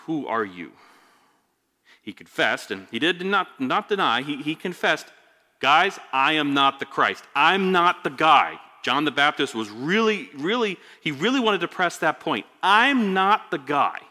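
Man preaching in an echoey hall. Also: mid-range voice. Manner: expressive, repeats words, swings between loud emphasis and quiet drops. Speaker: pastor. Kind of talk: sermon.

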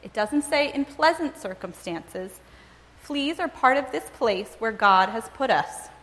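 A woman voicing a calm, devout older sister who speaks in a matter-of-fact, gently insistent way. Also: a little high, measured pace. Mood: serene. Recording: long reverb, as in a large hall.

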